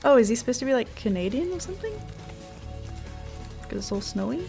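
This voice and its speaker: Giggly gravelly-voiced woman streamer. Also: a little high, big pitch swings, fairly quick. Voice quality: chatty, giggly, easily startled. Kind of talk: casual gameplay chat. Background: faint game music.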